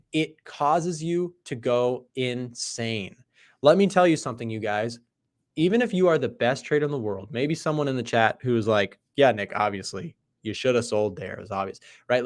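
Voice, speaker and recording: A trading livestream host with a mid-range voice talks casually through charts during live market commentary. He is animated and emphatic, breaking into loud bursts and often checking in with "right?"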